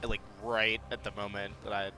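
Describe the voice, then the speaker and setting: A man's voice: lowish voice, level tone, moderate pace, bright, forceful tone. A man playing a game while chatting with a friend, joking and swearing casually. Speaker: player. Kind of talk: casual gaming commentary.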